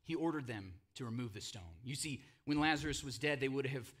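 Speaking a little fast, a male pastor preaches and narrates the story dramatically. His voice falls to a hush, then booms out names, with lighthearted asides between.

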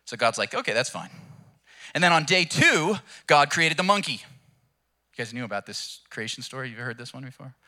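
A man's voice: mid-range voice, normal speed, pushed and bright. A young adult man preaching a sermon in a casual, storytelling way with jokes. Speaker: pastor.

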